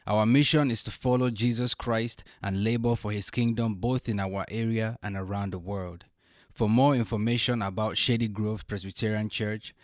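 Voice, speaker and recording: Low, dry male church announcer. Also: no room sound. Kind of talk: scripted announcement.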